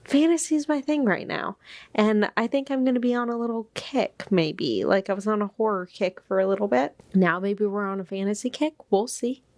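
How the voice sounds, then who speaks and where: A woman's voice: medium pitch, brisk, hardly any pauses, dry recording. A young woman chatting casually at home about her reading, rambling, with many fillers and restarts, recorded by a camera set in one place. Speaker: book vlogger. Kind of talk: casual reading vlog chat. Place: at home, seated in one spot.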